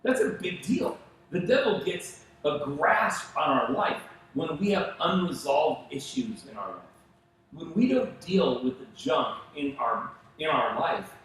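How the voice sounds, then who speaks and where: A male pastor preaching a sermon, telling stories in an animated way and acting out the voices of the people he quotes. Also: fairly high pitch, unhurried, heavy reverb, rough recording. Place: church sanctuary.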